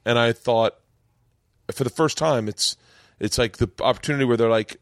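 A man's voice: mid-range voice, normal speed, no echo, clean studio sound. A man hosting a podcast, telling a story in a rambling, heartfelt way with lots of restarts. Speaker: podcast host. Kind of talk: casual podcast chat. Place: home studio.

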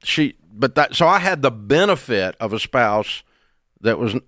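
A man's voice: mid-range voice, sing-song, a little slow, sharp tone, no echo, clean studio sound. A middle-aged man hosting a call-in advice show, talking in a blunt, folksy, emphatic way. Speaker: radio show host.

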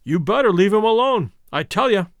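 A man's voice: sits high, very animated, a little fast, dry recording, clean studio sound. A man voicing a sour, bullying male patrol officer who talks with a slangy edge.

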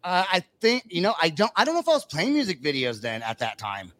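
A man's voice: sits high, wildly swooping pitch, quick pace, fairly bright tone. An American man hosting a podcast interview in a loose, rambling, casual way, swearing freely. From United States. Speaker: podcast host.

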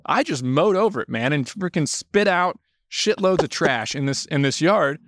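A young adult man, a podcast guest, telling animated stories in casual talk, swearing freely and acting out quotes. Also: fairly high pitch, normal speed, no echo, clean studio sound. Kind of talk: casual storytelling.

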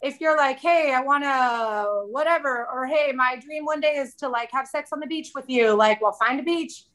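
A woman's voice: sits high, fairly even intonation, a little fast, fairly bright tone. A woman in her thirties, a podcast guest in casual chat, candid and chatty, often quoting herself.

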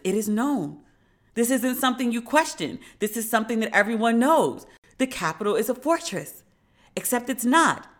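Woman podcaster, 30s, lively and profane storyteller, slightly high voice. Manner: animated, profane, emphatic retelling. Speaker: podcast host. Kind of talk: casual storytelling monologue.

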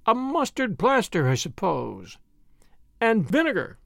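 Mild priest detective, voiced by a man, quiet, gentle, slightly vague, raspy edge, dry booth. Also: high voice, huge pitch swings, a little slow, dry recording, voice pushed up, exaggerated voice. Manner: quiet and mild, turning grave.

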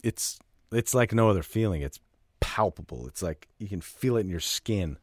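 A man co-hosting a music podcast, expressive and quick to laugh, savoring his words. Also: low-pitched, dry recording, studio quality. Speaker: podcast co-host. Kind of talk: casual music podcast chat.

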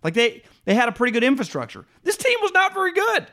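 A man co-hosting a sports betting podcast, talking in a rambling, animated way with frequent swearing and laughs. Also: very high voice, quick pace. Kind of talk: casual sports chat.

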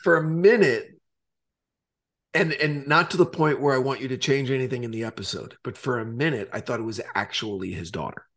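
A man co-hosting a podcast, retelling a TV scene in loose, animated chat and swearing casually. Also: mid-range voice, brisk. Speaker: podcast co-host.

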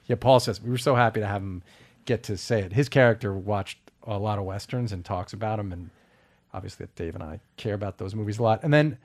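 Fast-talking enthusiastic male host. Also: lowish voice. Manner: enthusiastic, talks over his guest. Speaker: podcast host and screenwriter. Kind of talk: casual interview chat.

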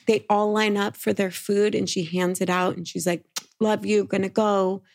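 A woman tells a story on her podcast in a loose, chatty way, stringing quotes together with "he's like" and "she's like." Her voice sits at an ordinary middle pitch. She sounds animated and at ease. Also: moderate pace, creaky. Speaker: podcast co-host. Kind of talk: casual storytelling.

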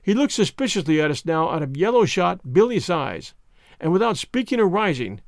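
A man narrating a classic story as an audiobook, in an expressive reading manner. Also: high-pitched, normal speed, gravelly, dry recording, clean studio sound.

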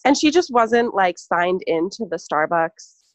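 A woman in casual conversation, telling an animated story full of fillers and laughs. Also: mid-range voice, unhurried, no room sound. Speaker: podcast co-host, former barista. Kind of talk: casual chat.

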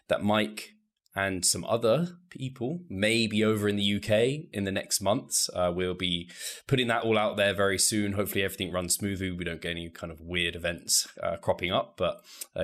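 A man's voice: deep voice, fairly even intonation, fairly quick, a bit bright. A British man hosting a podcast interview, easygoing and agreeable, laughing often. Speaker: podcast host. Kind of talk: casual interview conversation.

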